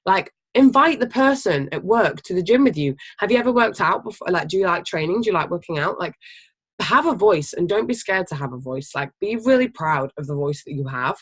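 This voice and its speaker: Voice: medium pitch, fairly quick, husky. Emphatic, swearing team leader's pep talk. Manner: emphatic, casual, swears freely; animated, energetic. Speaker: team leader of a health business. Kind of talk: motivational team training talk.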